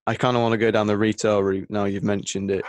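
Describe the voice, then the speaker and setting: A man's voice: fairly low pitch, flat delivery, fast talker, no echo. A young man, co-hosting a casual podcast chat, rambling and hesitant with lots of fillers. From England. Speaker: podcast co-host.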